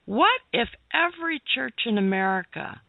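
Gravelly-voiced woman radio host. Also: fairly high pitch, lively intonation, no room sound. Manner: quick interjections, agreeing and steering to callers. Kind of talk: call-in radio hosting. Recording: tinny lo-fi broadcast sound.

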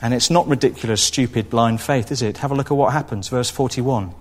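Man, preacher, expressive sermon, mid-pitched voice. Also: brisk. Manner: expressive, acts out quoted voices.

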